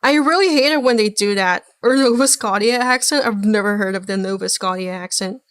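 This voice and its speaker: A woman's voice: medium pitch, brisk, fairly bright tone, smooth, dry recording. A woman streaming a reaction to a video, chatting casually in a rambling, blunt way and swearing now and then.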